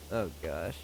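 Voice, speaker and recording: A man's voice: on the low side, vocal fry. A young man streaming live, reading viewer messages aloud and thanking them in a playful, joking way. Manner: playful, joking, laughs often. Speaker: livestreamer. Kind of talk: casual live-stream chat.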